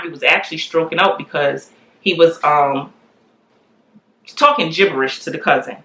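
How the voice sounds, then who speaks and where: A woman in her forties telling a candid family story in a lively way, acting out the voices of the people in it. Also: on the low side. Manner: animated, acts out quoted voices. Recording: echoey room.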